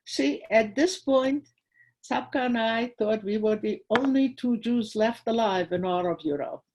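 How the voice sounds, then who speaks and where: A woman's voice: fairly high pitch, measured pace, a little mellow, slight background noise, low-quality recording. An older woman giving personal testimony to a school audience, retelling her memories vividly and acting out the dialogue. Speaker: guest speaker at a school.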